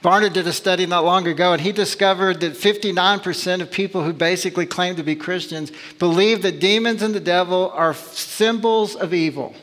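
A man's voice: high-pitched, fairly even intonation, a little fast, hardly any pauses, fairly bright tone. A man preaching a sermon as pastor, emphatic and full of rhetorical questions. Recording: long reverb of a large hall.

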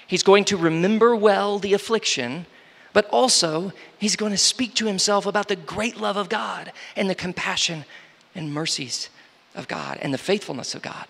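High-voiced man preaching in a reverberant hall. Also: vocal fry, fairly bright tone. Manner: reads scripture slowly, then explains with rising emphasis and repeated restarts. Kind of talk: sermon.

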